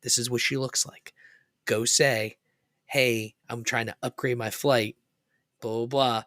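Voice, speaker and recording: A man's voice: mid-range voice, measured pace, no room sound, clean studio sound. A man co-hosting a podcast, telling rambling stories in casual chat and voicing the people he quotes with animation. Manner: rambling storyteller, animated when quoting people. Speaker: podcast co-host.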